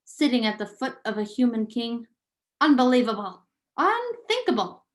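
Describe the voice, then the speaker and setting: A woman doing a loud, pompous father mouse. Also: fairly high pitch, big pitch swings, normal speed. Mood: outraged. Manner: loud, declaiming, melodramatic.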